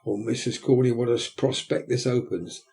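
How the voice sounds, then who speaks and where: A man's voice: mid-range voice, steady tone, moderate pace, vocal fry, dark tone, lightly acted. A man voicing a pompous middle-aged parish beadle who woos in an unctuous, courting manner. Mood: wooing.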